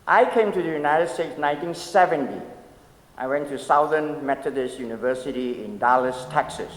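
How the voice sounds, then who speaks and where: An older man in his seventies preaches in a church, his slightly raised voice carrying a long, roomy reverb. He tells stories in a relaxed, conversational way, pausing to ask the congregation questions and adding gentle humor. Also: fairly high pitch. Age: 70s. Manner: storytelling, asks the audience questions, light humor. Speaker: pastor. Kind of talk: conversational sermon meditation. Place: church sanctuary.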